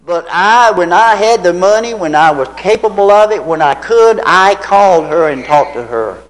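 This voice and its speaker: Older male preacher in his seventies, from Tennessee; folksy storyteller, high and animated voice, asks his congregation questions. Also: normal speed, rough recording. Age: 70s. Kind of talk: anecdotal sermon.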